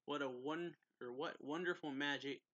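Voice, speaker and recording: A man reading the lines of an arrogant, godlike male demon king in a flat, slightly raised voice. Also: fairly high pitch, normal speed, no room sound, highs cut off. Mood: grandiose.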